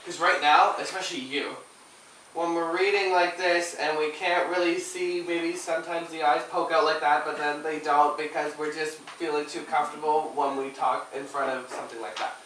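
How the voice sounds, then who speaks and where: A drama teacher with a Canadian accent coaches students through a reading, lively and encouraging and often demonstrating. The voice sits in the middle range and is picked up from a distance in a very echoey classroom, with clear background noise throughout. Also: mid-range voice, moderate pace. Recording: very echoey room, mic far off, noisy.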